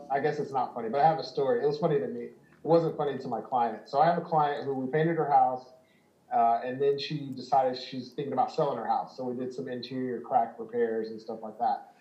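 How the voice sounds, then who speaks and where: Man, home repair host, mellow voice, roomy dull recording, lots of ums. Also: medium pitch. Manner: relaxed, filler-heavy explaining. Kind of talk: casual chat.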